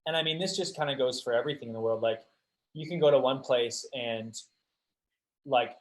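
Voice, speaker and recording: A young man, a guest actor, chatting casually on a podcast, telling animated stories, swearing freely and laughing often. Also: mid-range voice, brisk, low-quality recording.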